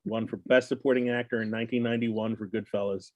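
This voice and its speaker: A man's voice: on the low side, quick pace, a little hiss or hum. A middle-aged man co-hosting a podcast, chatting casually and telling jokes with lots of laughter. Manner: animated joke-telling, laughs often. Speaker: podcast co-host. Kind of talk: casual chat.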